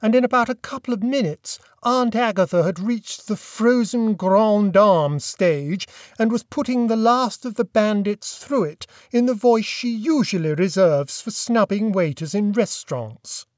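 A man narrating an audiobook in a wry, expressive storytelling manner. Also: sits high, a little slow, few pauses, no room sound, clean studio sound. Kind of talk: scripted narration.

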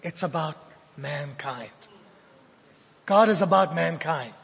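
A man with a high voice delivers a sermon, rising to loud repeated declarations and dropping to near-hushed lines. His voice rings with long reverb in a church hall. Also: slow pace, creaky. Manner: dynamic delivery, swinging from loud emphatic repetition to hushed intimate tones. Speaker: preacher.

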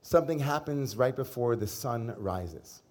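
A middle-aged man preaches as a rabbi, easing into his sermon through a relaxed personal story. His delivery is conversational and lightly humorous, with a voice of middling pitch. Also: unhurried.

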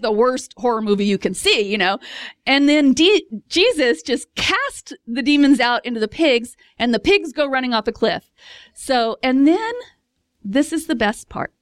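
A woman preaching a casual sermon in a chatty, expressive way, laughing often and acting out voices. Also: high voice, moderate pace, no room sound, clean studio sound.

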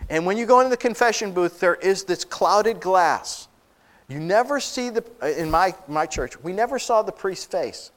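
Lively high-voiced male pastor preaching. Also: normal speed. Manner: animated storytelling, acting out Bible scenes with asides and laughs. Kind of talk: sermon.

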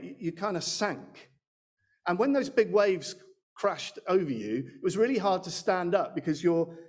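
A man preaching a sermon in a church, chatty and self-deprecating, speaking into a handheld mic. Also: a little high. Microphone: handheld microphone.

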